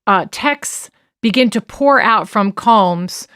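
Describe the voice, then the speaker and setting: A woman co-hosting a casual podcast recaps a trial with animated restarts, lifting her voice to act out the texts she quotes. Her voice sits at an average pitch, and the recording is dry and close. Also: slow pace, smooth, no room sound. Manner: animated retelling with restarts, quoting texts in a raised voice. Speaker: podcast co-host. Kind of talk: casual true-crime chat.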